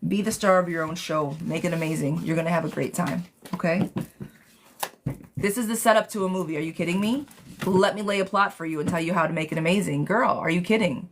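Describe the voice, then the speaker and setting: Woman tarot reader on a live stream, lowish voice, chatty and affectionate, with a noisy, clicky recording. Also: fairly quick. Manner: chatty, affectionate, calls viewers darling and sweetheart.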